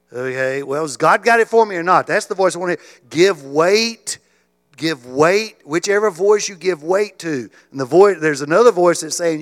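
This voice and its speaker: Emphatic preaching pastor, slightly high voice. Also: male voice, animated, normal speed. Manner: repeats words and restarts, builds to loud emphatic stretches. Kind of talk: sermon. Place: church.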